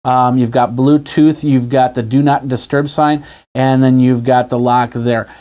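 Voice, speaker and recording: A man's voice: medium pitch, flat delivery, unhurried, darkish tone. Male tech host, casual and talky, mid-range voice, showing features as he goes. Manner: chatty, demonstrating on screen as he talks. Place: indoors at a desk with a TV and monitor.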